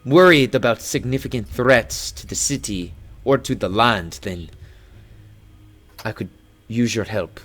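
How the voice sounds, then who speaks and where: A man voicing a calm middle-aged village priest who questions travelers in a measured way. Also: lowish voice. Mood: earnest.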